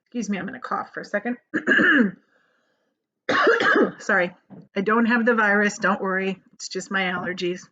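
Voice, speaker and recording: A woman's voice: medium pitch, steady tone, fast, pushed and bright, lo-fi sound. A woman teacher giving a recorded grammar lesson, speaking patiently and encouragingly to young students.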